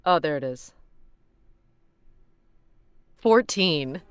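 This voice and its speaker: A woman's voice: low-pitched, clean tone, dry recording. A woman playing in a tabletop game, reading out her rolls and reacting with exclamations. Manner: slow, lively, exclaims at the action. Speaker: player.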